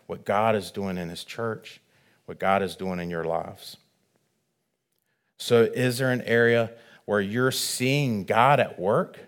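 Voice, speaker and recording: A man preaching a sermon, measured and earnest, swelling louder on key phrases. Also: fairly low pitch.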